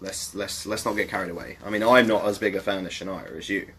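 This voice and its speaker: Guy, kinda low voice, blunt and sweary, bit of hiss behind. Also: steady tone, fast, fairly bright tone. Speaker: podcast co-host. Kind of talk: casual chat.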